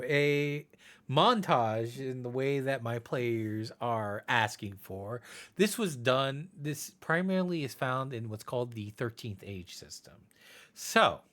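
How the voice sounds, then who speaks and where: Game master, man, animated pitch, playful narrator.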